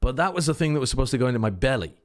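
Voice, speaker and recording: An Englishman co-hosting a watch party, talking in quick, sweary banter. His pitch swings around a lot as he jokes, sitting at a middle height for a man. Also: animated. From Britain. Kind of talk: casual chat.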